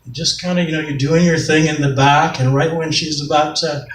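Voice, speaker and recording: This Canadian comic, middle-aged, speaks briskly in a fairly high, mostly even voice as he rambles, swears, and pokes fun at himself. His set is picked up by a distant mic in a reverberant club with a little background noise.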